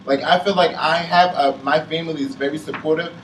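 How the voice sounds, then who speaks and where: Young man, emotional casual chat, halting, filler-heavy, roomy distant mic. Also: fairly high pitch, steady tone. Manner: heavy use of "like", halting, on the verge of tears. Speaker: panelist. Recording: roomy sound from a distant mic with faint noise.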